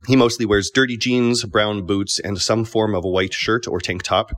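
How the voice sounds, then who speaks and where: A man in his mid-thirties, a stage actor giving a relaxed, conversational scripted self-description. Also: fairly low pitch, normal speed. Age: 30s.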